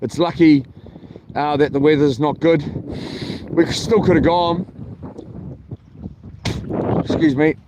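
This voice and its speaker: A man's voice: on the high side, fairly even intonation, slow pace, pauses often, background noise. A man telling a meandering story for his camping vlog, full of ums and restarts. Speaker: vlogger. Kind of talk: rambling casual storytelling. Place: camping, near a boat on water.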